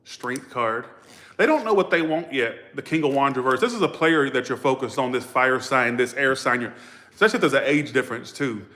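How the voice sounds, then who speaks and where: A man's voice: medium pitch, a little fast, bright, forceful tone. Guy doing a tarot reading, blunt, swears a lot, chatty with viewers. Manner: blunt, profane and outspoken; chatty, talks straight to viewers. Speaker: tarot reader. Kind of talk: casual livestream tarot reading.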